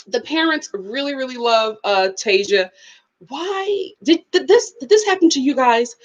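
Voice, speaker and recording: Animated high-voiced woman vlogger. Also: unhurried, lo-fi sound. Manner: animated, laughing, acts out quotes. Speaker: vlogger reviewing a reality show. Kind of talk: casual chat.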